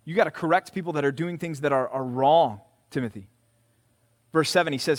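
A man's voice: medium pitch, quick pace. A male pastor giving a conversational sermon to a college group in a church room, emphatic and repeating key words.

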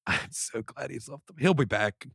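A man's voice: medium pitch, moderate pace, creaky, a bit bright, husky, dry recording, clean studio sound. A man co-hosting a podcast, joking and rambling in casual banter. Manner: joking, rambling, puts on voices. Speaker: podcast co-host.

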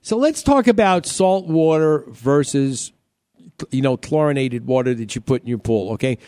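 A man's voice: medium pitch, lively intonation, moderate pace, warm tone, dry recording. A man hosting a home-repair radio show, talking casually, repeating himself and cracking jokes. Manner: chatty, repeats himself, joking.

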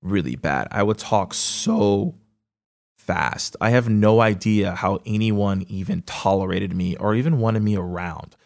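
A man hosting a podcast, speaking in a casual, energetic motivational monologue with lots of fillers and quick bursts. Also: lowish voice, creaky. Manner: energetic, casual, fast-talking with many fillers. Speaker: podcast host.

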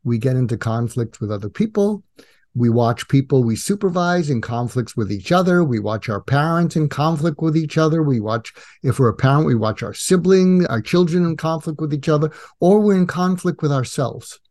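A man's voice: fairly high pitch, moderate pace. An older man, a guest psychiatrist, explaining in an interview and acting out quoted dialogue. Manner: animated, acts out quoted dialogue.

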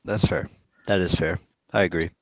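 A man's voice: deep voice, fairly even intonation, moderate pace, low-quality recording. A man who is a guest on a podcast, chatting casually and mostly answering with short agreements. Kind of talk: casual chat.

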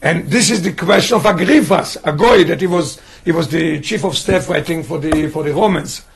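A man's voice: fairly high pitch, moderate pace, creaky, slightly rough. A man teaching a Torah lesson as a rabbi, asking one rhetorical question after another. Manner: poses rhetorical questions, mixes in Yiddish and Hebrew terms.

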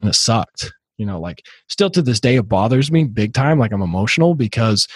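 A man in his thirties, a podcast guest telling his own story in a halting way, with many fillers and restarts. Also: fairly low pitch, sing-song, husky, dry recording. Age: 30s. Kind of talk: casual interview storytelling.

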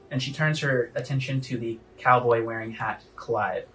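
A man narrating a tabletop role-playing game as game master in a casual way, with loud music behind. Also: medium pitch, fairly even intonation, normal speed, hardly any pauses, distant mic, rough recording.

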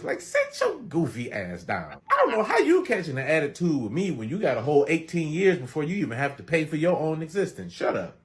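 A man's voice: on the high side, wildly swooping pitch, brisk, hardly any pauses. A man doing an exasperated comedic rant in a short clip, mocking as he slips into little put-on voices.

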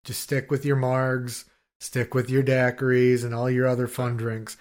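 A podcast co-host chats casually, riffing and swearing freely in an animated, profane way. His voice is medium in pitch and his pace is moderate.

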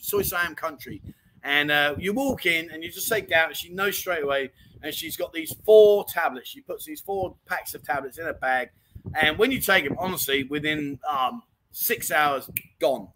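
A man with a high-pitched voice hosts a casual livestream chat show against a noisy background. He reads out viewer comments and rambles along, chatty and quick to laugh.

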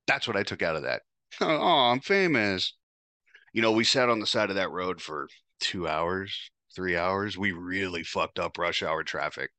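Guy telling his own story on a podcast, kinda low voice, cursing, dry close sound. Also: moderate pace, sharp tone, no room sound. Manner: casual, profane, wry. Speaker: podcast host. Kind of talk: first-person storytelling.

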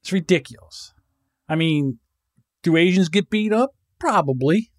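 Male podcast co-host, higher voice, swings all over, rambling and profane, dry mic. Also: expressive, measured pace, no echo. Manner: rambling, profane, laughs often. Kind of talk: casual podcast banter.

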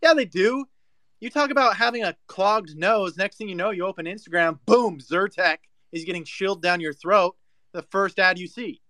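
A fairly high-voiced man rants in casual chat, brash and emphatic as he argues his point. The sound is dry and close, with no room echo. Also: normal speed, bright, forceful tone.

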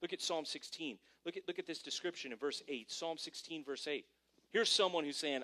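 A male pastor delivering a sermon to a congregation, preaching animatedly and swinging between hushed and emphatic delivery. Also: a little high, brisk. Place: church service before a congregation.

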